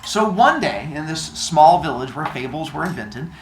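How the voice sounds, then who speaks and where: Animated joking teacher in an echoey classroom. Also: male voice, fairly high pitch, moderate pace, slight background noise. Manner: joking, animated, teasing students. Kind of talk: classroom lesson with storytelling. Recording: echoey classroom with student chatter.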